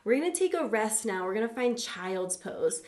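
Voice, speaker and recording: A woman leading a live online yoga class for kids, gentle, encouraging and playful as she talks through each pose. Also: a little high, sing-song, normal speed, echoey room. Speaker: yoga teacher for children.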